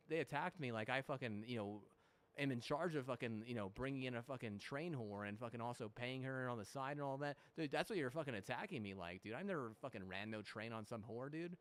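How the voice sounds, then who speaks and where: A man's voice: mid-range voice, smooth. A young man talking casually while playing a game, swearing a lot and restarting his sentences. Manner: heavy swearing, frequent restarts and fillers; mocking mimicry of apologies. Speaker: gamer. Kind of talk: rambling gaming commentary.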